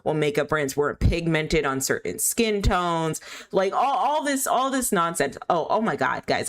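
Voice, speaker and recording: A woman talks to her stream audience in a loose, rambling way, her voice sitting a little low for a woman. She is candid and opinionated, leaning on fillers as she goes. It sounds like live, unscripted chat. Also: big pitch swings, moderate pace. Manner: chatty, rambling, full of "like" fillers. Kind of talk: casual chat while gaming.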